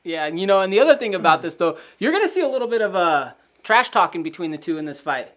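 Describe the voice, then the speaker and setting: A man co-hosting a casual podcast, running through fighter stats in a steady listing manner. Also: high voice, quick pace. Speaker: podcast co-host. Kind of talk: casual sports prediction chat.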